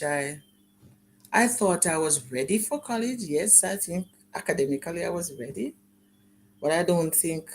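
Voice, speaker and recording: A middle-aged woman with a notably low voice tells her life story in an interview. She speaks earnestly and with feeling, acting out remembered conversations. A faint hum sits behind her. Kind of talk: personal testimony in an interview.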